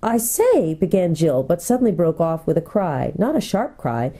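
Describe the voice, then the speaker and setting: A woman pastor reading a children's book aloud with expressive storytelling. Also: deep voice, moderate pace.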